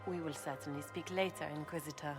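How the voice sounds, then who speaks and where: A woman's voice: low-pitched, steady tone, quick pace, over music, lightly acted. A woman playing a polished noble duchess. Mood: courteous. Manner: polished, courteous. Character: smooth, courteous female noble duchess.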